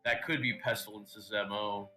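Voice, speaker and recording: A man voicing a weary, gravely ill warrior in a tabletop game, speaking flat and resigned. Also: on the low side, normal speed, faint music behind, rough recording. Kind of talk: tabletop role-play.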